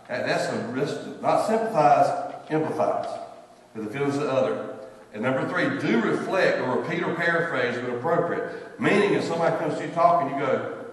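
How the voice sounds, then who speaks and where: A man preaching a sermon as pastor, telling folksy stories and acting out what people say. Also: medium pitch. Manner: folksy storytelling, acts out quoted voices. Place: church sanctuary. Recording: distant echoey church hall recording.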